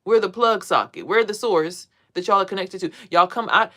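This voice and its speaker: Talking to her viewers in a live chat, this woman is a spiritual vlogger who tells stories with emphasis, bluntly and with plenty of profanity. She speaks at a normal speed in a medium pitch that's a bit bright.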